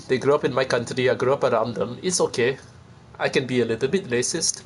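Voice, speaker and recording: A man's voice: medium pitch, fast talker. A man streaming a video game, rambling casually and chatting to viewers with self-deprecating asides. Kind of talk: casual gameplay commentary.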